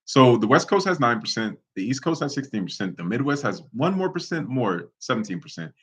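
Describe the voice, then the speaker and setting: A man's voice: medium pitch, very animated, brisk, a bit bright, husky. A man from Ohio, hosting his channel and explaining things casually, with loose talk, frequent "right?" tags and self-corrections. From Ohio, United States. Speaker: channel host. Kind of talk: casual explainer talking to camera.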